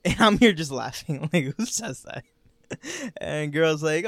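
A man's voice: a little high, sing-song, slow pace, pauses often, fairly bright tone, no room sound. A young man co-hosting a podcast, telling stories in casual chat and laughing often as he talks. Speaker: podcast co-host.

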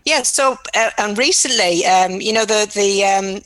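A woman co-hosting a language podcast, talking casually in a halting way with frequent laughs. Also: medium pitch, fairly bright tone, dry recording. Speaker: podcast co-host. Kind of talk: casual discussion.

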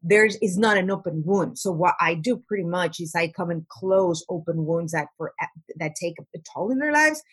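A woman with a lowish, husky voice speaks as an interview guest. She talks earnestly and often repeats words as she searches for the right phrase, in a plain conversational way. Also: lively intonation, moderate pace. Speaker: guest, trauma recovery practitioner.

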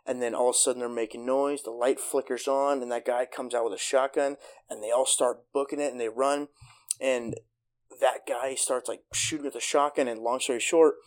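A podcast host in loose, casual conversation. He retells a film with excited energy, peppering it with swearing and filler words. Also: mid-range voice. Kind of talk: casual chat.

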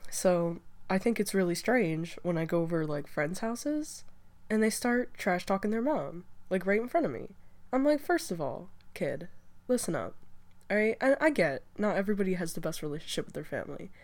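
A woman's voice: fairly low pitch, animated, brisk, a little mellow. A young woman hosting a casual solo talk show, rambling chattily with lots of fillers and restarts, a bit stuffy from allergies. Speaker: podcast host.

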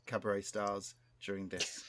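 A man's voice: lowish voice, little pitch movement, normal speed, background noise. A man hosting a comedy sketch podcast, chatty and self-mocking. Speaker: sketch podcast host and writer. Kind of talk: casual comedy chat.

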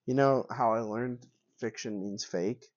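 A man's voice: mid-range voice, measured pace, no echo, lo-fi sound. A young man co-hosting a casual podcast, stuffy and coughing from allergies, joking and swearing a lot. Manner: joking, swears often, says "dude" and "bro". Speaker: podcast co-host. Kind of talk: casual chat.

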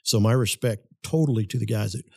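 A man in a podcast interview, telling army stories in a casual, animated way. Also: fairly low pitch, brisk, vocal fry, husky, no room sound, clean studio sound. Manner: animated, laughs through his story. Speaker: guest. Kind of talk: casual storytelling.

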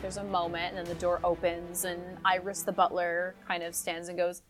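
Woman game master, relaxed chatty narration, fillers throughout. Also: lowish voice, moderate pace, poor audio. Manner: casual, filler-heavy narration.

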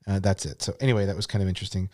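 A man's voice: low voice, steady tone, very fast, a little mellow. A man co-hosting a podcast in casual, rambling chat with some swearing. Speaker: podcast co-host.

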